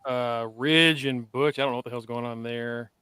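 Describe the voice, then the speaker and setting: Smooth-voiced man in his forties hosting. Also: medium pitch, fairly even intonation, moderate pace, bright, forceful tone, no echo. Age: 40s. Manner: loose, rambling, with many fillers. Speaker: podcast host. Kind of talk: casual chat.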